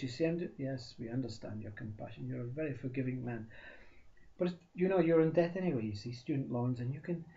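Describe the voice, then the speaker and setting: A man telling a story as a spiritual teacher, acting out the dialogue with sudden shifts from loud to whispered. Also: mid-range voice, quick pace, creaky. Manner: acts out both sides of a dialogue, shifting loudness, drops to whispers. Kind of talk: storytelling talk. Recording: dull lo-fi recording.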